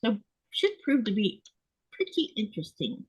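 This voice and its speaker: A woman's voice: a little high, very animated, normal speed, slightly rough, dry recording, low-quality recording. A woman hosting a casual chat from her home sewing desk, talking in a rambling way with restarts and laughs. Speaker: host.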